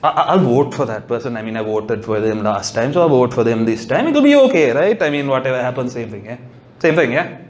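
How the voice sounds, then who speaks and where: A man's voice: mid-range voice, sing-song, brisk, a little hiss or hum, voice pushed down, close to an everyday voice. A male comedian voicing a lazy man who doesn't care whom he votes for. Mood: careless. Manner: drawling, shrugging, careless. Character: lazy, indifferent man voter.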